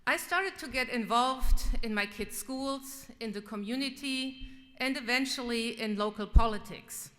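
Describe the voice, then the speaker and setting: A woman's voice: a little high, unhurried, fairly bright tone. A middle-aged woman with a German accent, a state representative giving an earnest, personal farewell speech in a legislative chamber. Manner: earnest, personal, lightly self-deprecating. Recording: echoey chamber.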